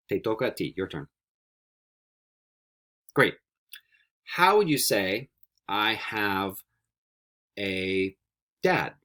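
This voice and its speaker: A man teaching a recorded beginner Spanish lesson, repeating each word slowly three times for students to echo back. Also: lowish voice. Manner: slow repetition drills, animated.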